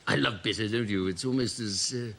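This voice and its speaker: A man's voice: lowish voice, fairly quick, gravelly. A comedian playing a tipsy, pompous older male royal rambling in a pub, in an improvised sketch. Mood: jolly. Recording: loud background noise.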